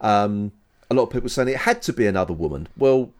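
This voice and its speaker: A man's voice: lowish voice, lively intonation, quick pace. A man co-hosting a podcast in casual, rambling chat, often restarting and joking. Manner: rambling, self-correcting, joking. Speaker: podcast co-host.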